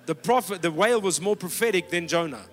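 A middle-aged man preaching a sermon, emphatic, swinging from loud exhortation down to low, quiet lines. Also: animated, fast talker, soft background music. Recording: long hall reverb.

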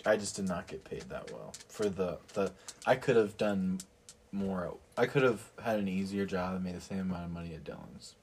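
A man's voice: low-pitched, animated, moderate pace, gravelly, a little mellow, breathy edge. A young man co-hosting a podcast, talking bluntly and laid-back in casual chat. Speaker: podcast co-host.

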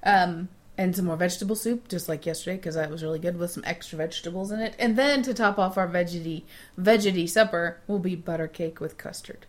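A woman co-hosting a podcast, chatting casually and giving advice, animated and quick to laugh. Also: lowish voice. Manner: chatty, laughs often, animated when making a point. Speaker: podcast co-host.

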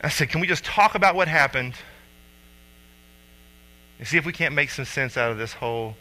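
A man in his thirties, a father and youth coach, telling a personal story with lively acted-out quotes. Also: a little high, normal speed, rough recording. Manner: animated storyteller acting out quotes loudly.

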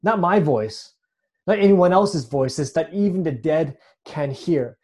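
Earnest man preaching, dark mellow voice. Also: fairly high pitch, expressive, a little slow. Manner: earnest, repeats words when restarting. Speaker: pastor. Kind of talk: sermon.

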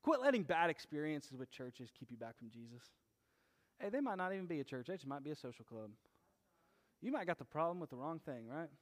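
A man preaching a sermon as pastor, talking casually and joking at times, then building to emphatic shouts. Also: on the high side, sing-song, fairly quick.

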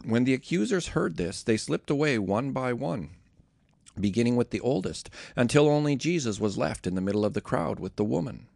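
A man reading scripture aloud in a steady, measured narration. His voice is gravelly, with a lively rise and fall, and the recording is close and dry. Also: mid-range voice, no echo. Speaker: scripture reader.

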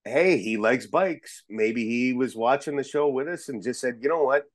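A man chatting as a podcast guest, an excitable storyteller who rambles and restarts his sentences. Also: mid-range voice, moderate pace, dry recording. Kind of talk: casual chat.

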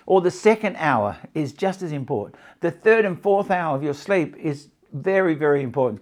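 A man coaching stress relief and sleep in front of a small live audience. His voice sits a little high for a man and swings widely in pitch. He repeats his points and keeps asking whether the listeners follow him. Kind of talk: live talk to an audience and camera.

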